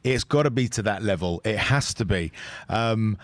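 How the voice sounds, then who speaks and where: A man's voice: on the low side, animated, moderate pace, no room sound. A man co-hosting a fan football show, chatting casually and agreeing with emphatic enthusiasm. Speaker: co-host.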